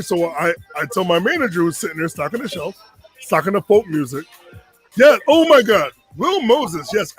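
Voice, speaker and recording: A man's voice: high voice, breathy edge. A man in his forties from Connecticut telling a long story casually, acting out the other people's lines. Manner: animated, acts out quoted voices.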